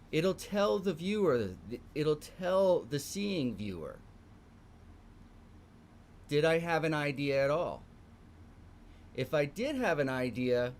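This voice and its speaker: A middle-aged man with a Texan accent, teaching a live online morning art class, emphatic and repeating phrases for stress. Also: on the high side. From Texas.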